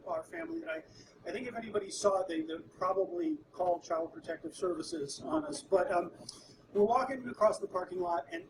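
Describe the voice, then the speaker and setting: A middle-aged man performing stand-up on a live comedy stage, telling stories that end in deadpan punchlines. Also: high voice, vocal fry. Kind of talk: stand-up routine. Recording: distant mic with room noise.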